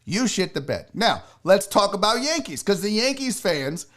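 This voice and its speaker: A man hosting a solo sports talk show, ranting loudly and mockingly with lots of swearing. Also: sits high, sing-song, moderate pace. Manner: loud, mocking, profane ranting.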